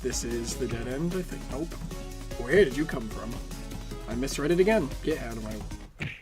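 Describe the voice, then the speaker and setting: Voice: mid-range voice, animated, normal speed. Sarcastic young streamer, faint music behind. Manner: sarcastic, rambling, self-mocking. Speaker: game streamer reading chat. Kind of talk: casual live-stream chat while playing.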